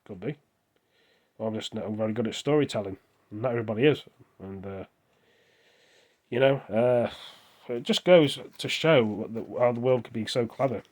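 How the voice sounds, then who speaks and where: A man's voice: medium pitch, normal speed, long pauses, darkish tone. An English man rambling to camera on a phone, hopping from one topic to the next. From England. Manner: rambling, hops between topics. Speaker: vlogger. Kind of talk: casual monologue to camera.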